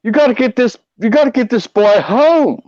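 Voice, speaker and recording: A man voicing a gruff, stern older male state trooper who barks drawn-out orders. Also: extremely high pitch, expressive, darkish tone, no room sound, pitched above the performer's own voice. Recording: dull lo-fi audio.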